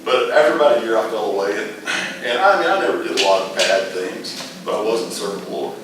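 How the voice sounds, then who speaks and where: A man's voice: fairly low pitch, lively intonation, fast. A middle-aged man teaching a casual Bible class, rambling through stories with frequent restarts. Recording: echoey room, mic far off, noisy.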